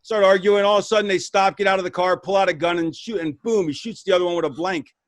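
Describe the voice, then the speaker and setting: Guy with a high voice telling long rambly stories, super dry close sound. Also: fast talker, no echo. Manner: rambling, restarts, lively retelling with voices. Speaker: retired wrestler guest. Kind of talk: casual storytelling.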